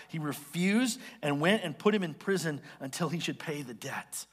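A male pastor preaching a sermon, explaining scripture in an animated, conversational way with quick asides. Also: fairly high pitch, breathy edge, big-room sound. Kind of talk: expository sermon.

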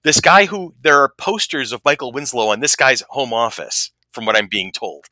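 Bright-voiced man telling lively stories. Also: medium pitch, normal speed, dry recording. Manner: animated anecdote teller, acts out quotes. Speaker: podcast co-host. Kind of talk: casual storytelling chat.

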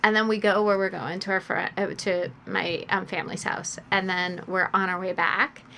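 A woman's voice: medium pitch, flat delivery, normal speed, gravelly, pushed and bright. Rambling self-mocking woman, faint hiss. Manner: rambling, self-deprecating, with fillers and quoted asides. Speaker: birth worker, podcast co-host. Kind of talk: casual chat.

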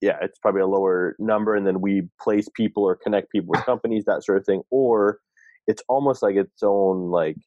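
A man's voice: fairly low pitch, a little fast, no echo, muffled recording. A man on a team talking through ideas in a meeting, hesitant and full of restarts. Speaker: team member. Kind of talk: casual meeting discussion.

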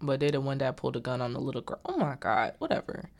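A young adult woman with a bass voice recaps a film plot for her vlog quickly and in a steady tone, rambling with plenty of filler and exasperated asides.

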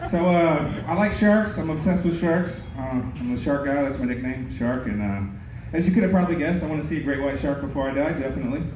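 A man doing a stand-up set at an open mic, delivering deadpan one-liners and laughing at his own jokes. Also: on the high side, quick pace. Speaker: stand-up comic. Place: comedy club. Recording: very echoey club, noisy room. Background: audience laughter.

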